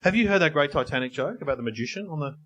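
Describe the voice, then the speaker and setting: Male co-host, rambling joke-teller, animated and slightly high voice. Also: very fast, dull audio. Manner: rambling joke-telling, laughs often. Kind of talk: live comedy podcast banter. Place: pub in front of a live audience.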